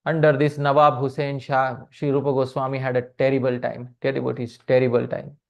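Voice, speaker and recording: A man giving a devotional lecture on poetry who keeps addressing his listeners as dear devotees, asks them questions and chants verses slowly before translating them. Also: medium pitch, completely flat delivery, creaky. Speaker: speaker giving a scripture class. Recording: slightly muffled recording.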